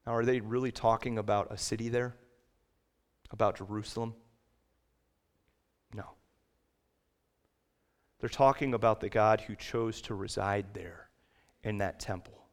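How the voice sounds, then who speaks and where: A man preaching a sermon to his congregation, rising to loud, emphatic peaks when he reads scripture and quotes. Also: lowish voice, steady tone, a little slow, pauses often. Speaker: pastor. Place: church sanctuary.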